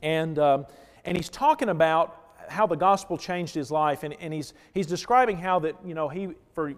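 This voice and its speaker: A man preaching a sermon as pastor, telling stories and swinging between loud emphatic lines and hushed ones. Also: fairly high pitch, normal speed, long reverb tail.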